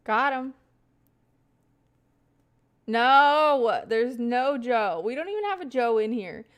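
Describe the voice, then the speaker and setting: Chatty young woman streamer, slightly high voice. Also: expressive, slow pace, clean tone. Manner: chatty, rambling, laughs often, talks to chat. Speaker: livestreamer. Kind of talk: casual livestream chat.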